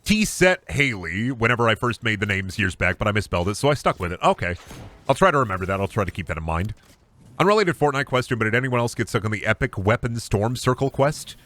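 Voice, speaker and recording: A man's voice: lowish voice, very animated, fast talker, fairly bright tone. A man streaming a game, chatting casually in a rambling, silly, self-deprecating way. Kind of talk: casual chat while gaming.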